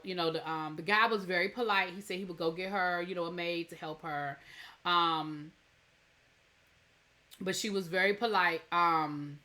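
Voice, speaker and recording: A woman's voice: on the low side, pushed and bright. A woman hosting a TV review channel, recapping an episode in a chatty, rambling way with many fillers and restarts.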